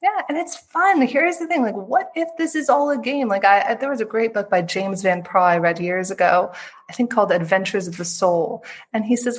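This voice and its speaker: A woman speaking as an interview guest, with a medium-pitched voice. She tells her stories with animation and jumps up in pitch whenever she acts out the people in them. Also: normal speed. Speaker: guest author.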